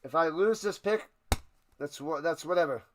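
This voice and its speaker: A man hosting a live stream, giving play-by-play commentary and chatting with viewers, erupting into loud excitement on big plays. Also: a little high, normal speed, a little hiss or hum. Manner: chatty, answers viewers' questions. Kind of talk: play-by-play commentary with chat banter.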